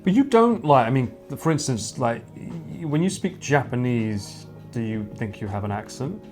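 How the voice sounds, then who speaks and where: A woman host with an unusually deep voice, chatting casually and teasing her guest. She laughs a lot, and faint music runs in the background. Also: sing-song, moderate pace. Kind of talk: casual chat.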